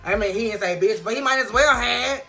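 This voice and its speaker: A man giving a casual, sassy recap of a TV episode, outspoken, playful and quick with profanity. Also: very high-pitched, vocal fry, pushed and bright, faint music behind. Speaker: TV show reviewer.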